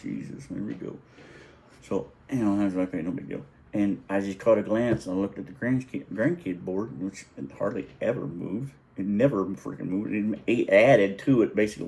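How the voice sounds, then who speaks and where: Mellow, low-voiced middle-aged man rambling. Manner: rambling, self-correcting, chuckling. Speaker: vlogger. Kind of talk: casual storytelling.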